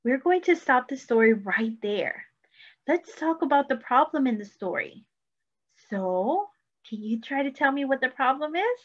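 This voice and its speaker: A woman preschool teacher reading a picture book aloud, speaking slowly and encouragingly to young children. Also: high-pitched, very animated, muffled recording. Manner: slow, sing-song, encouraging teacher talk. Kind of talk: storybook read-aloud lesson.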